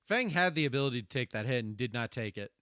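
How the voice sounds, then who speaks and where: A man streamer giving casual, profane commentary over his own stream highlights, ranting animatedly and laughing often. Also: animated, quick pace, pushed and bright, clean tone, no echo, clean studio sound.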